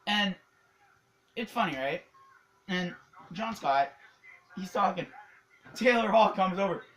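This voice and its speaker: A hockey vlogger from Canada giving a casual, excitable recap, rambling with lots of fillers and laughs. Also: medium pitch, unhurried, long pauses, a little hiss or hum, low-quality recording.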